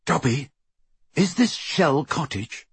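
A man reading an audiobook, voicing a desperate teenage boy wizard in a breathy voice. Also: mid-range voice, big pitch swings, unhurried, dry recording, pitched above the performer's own voice, full character voice. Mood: worried, searching. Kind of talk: audiobook character voice.

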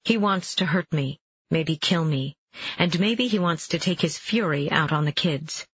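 Une femme à la voix légèrement voilée lit un audiolivre à la première personne, d'un ton posé et délibéré. L'enregistrement, fait de près au micro, est sec, sans résonance, et un peu terne. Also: female voice, low-pitched, measured pace, a bit bright, slightly rough, no room sound, highs cut off. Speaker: audiobook narrator. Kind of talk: first-person audiobook narration.

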